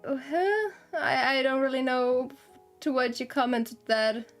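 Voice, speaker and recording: A woman's voice: sits high, slow, soft background music. A young woman streamer rambling casually to her chat, giggling often and easily flustered. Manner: rambling, giggly and self-conscious. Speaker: game streamer. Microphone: desktop streaming mic, no camera.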